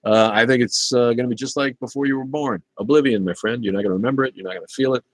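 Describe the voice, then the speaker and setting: Reading chat on his laid-back livestream, this fifty-something host talks rapid-fire at a medium pitch, with no echo around him. His loose, meandering chatter is packed with fillers.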